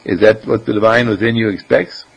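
A man's voice: lowish voice, fairly quick, creaky, husky, lo-fi sound. A man giving an informal spiritual talk as a teacher, with conversational asides and many rhetorical questions.

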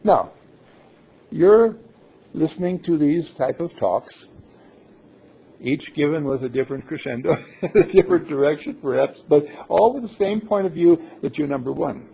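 A man preaching a sermon to his congregation in a playful, animated way, laughing often. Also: fairly high pitch, normal speed, gravelly, breathy edge. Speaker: minister. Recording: dull lo-fi recording.

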